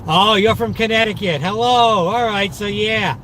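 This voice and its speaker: A high-pitched, bright, forceful male voice with a Boston accent comes from a Massachusetts delivery driver streaming live from his car as he drives. Speaking at normal speed, he's chatty, upbeat, and boastful toward viewers in the chat. The car interior is noisy with road and vehicle sounds.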